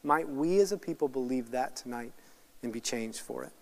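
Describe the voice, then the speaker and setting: A man giving a sermon at an evening Bible study, telling a personal story in an animated way and then praying. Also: medium pitch, moderate pace, creaky. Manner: animated storytelling, laughs at himself. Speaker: guest preacher. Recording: reverberant hall sound.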